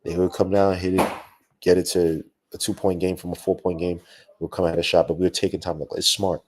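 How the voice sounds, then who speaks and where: A young man hosting a live post-game basketball podcast, talking in an animated, slangy, ranting way with lots of asides. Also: low-pitched, brisk, noisy background. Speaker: podcast host.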